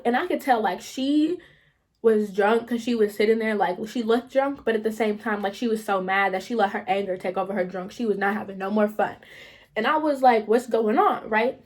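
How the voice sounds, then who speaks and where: A young woman vlogger telling a story in a casual, slangy, animated way, swearing freely. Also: on the high side.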